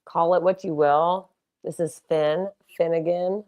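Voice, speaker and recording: A woman's voice: lowish voice, fairly even intonation, measured pace, a little mellow. Chatty woman cooing over her cats. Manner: playful, coos baby talk at her cats. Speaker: live streamer. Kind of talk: casual live-stream chat. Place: home room with cats.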